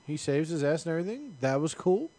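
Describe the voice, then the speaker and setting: A man's voice: on the high side, very animated, warm tone. A young man talking eagerly about movies in casual chat, often restarting his sentences. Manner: enthusiastic, halting restarts.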